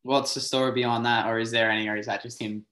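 An easygoing Australian man in his late teens hosts a casual podcast, putting questions to his guest with plenty of ums. His voice sits at a mid pitch. The room gives it a noticeably echoey sound. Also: little pitch movement, quick pace, fairly bright tone. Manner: easygoing, filler-heavy questioning. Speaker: podcast host. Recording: roomy echo.

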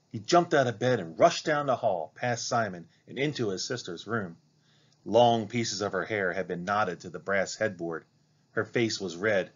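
Man, storybook narration, low voice, expressive, muffled lo-fi recording. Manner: expressive, dramatic reading. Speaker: reader. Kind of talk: storybook read-aloud narration.

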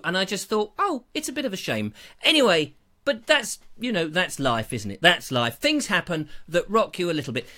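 A middle-aged Englishman hosts a casual live chat for an explorer channel, speaking into a lapel mic. His voice is high, pushed and bright, and he's theatrical and jokey, slipping into funny voices.

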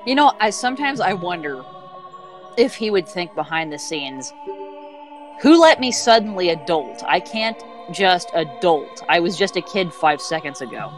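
A woman's voice: lowish voice, very animated, normal speed, soft background music. A woman chatting casually and giggling while a video game is played. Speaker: let's play co-host. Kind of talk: casual gaming commentary.

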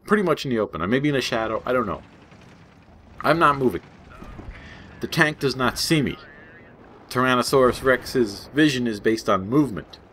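Young guy, low voice, chatty gaming host who wanders off topic and chuckles at his own jokes. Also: fairly bright tone, slight background noise. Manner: rambling and jokey, laughs at his own asides. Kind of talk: casual gameplay commentary.

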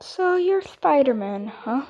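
A woman's voice: sits high, animated, slow pace, dark tone, muffled recording, heavily acted. A woman voicing a teasing, confident young man in a fan comic dub.

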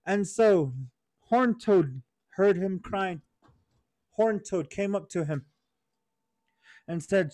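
A man telling a traditional story to young people, in a gentle teacherly way, often checking in with "right?" and "okay?". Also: sits high, slow pace, pauses often, dry recording, clean studio sound. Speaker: storyteller for youth.

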